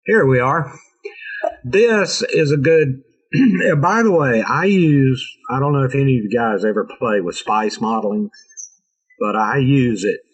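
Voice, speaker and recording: A man's voice: medium pitch, slightly rough, poor audio. A man presenting an informal engineering lecture over a video call, chatty and joking with sarcastic asides. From North America. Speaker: presenter of an engineering training session.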